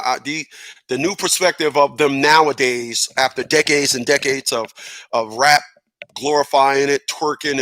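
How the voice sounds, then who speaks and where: Emphatic middle-aged man, bright tense voice. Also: mid-range voice, no echo. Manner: emphatic, repeats words while building a point. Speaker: commentator. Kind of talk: casual opinion monologue.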